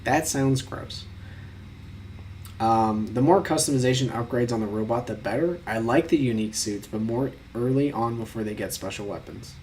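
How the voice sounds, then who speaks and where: A man's voice: medium pitch, moderate pace, darkish tone, slight background noise. Young man musing over quiz answers. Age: 20s. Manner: talks through quiz answers aloud, musing and joking; mock-exasperated, with casual swearing. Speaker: vlogger taking online quizzes. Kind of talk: casual commentary.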